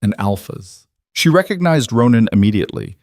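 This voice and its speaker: A man reading scripted audiobook narration in a measured, even storytelling manner. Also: mid-range voice, dry recording, studio quality.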